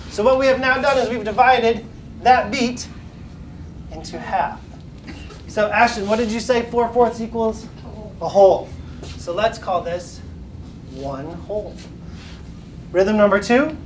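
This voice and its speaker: A man's voice: high voice, a little slow, long pauses. A man leads a children's music lesson with an upbeat, patient manner, chanting simple rhythms and inviting the class to echo them. He is picked up by a camera across an echoey classroom, sounding distant, with a faint murmur of room noise. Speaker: elementary music teacher. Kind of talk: classroom lesson with call and response.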